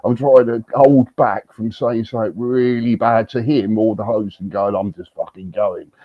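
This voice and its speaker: Animated man telling stories. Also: mid-range voice, normal speed, no echo, highs cut off. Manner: animated, swearing, frequent restarts. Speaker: livestream host. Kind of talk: casual storytelling chat. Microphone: livestream setup.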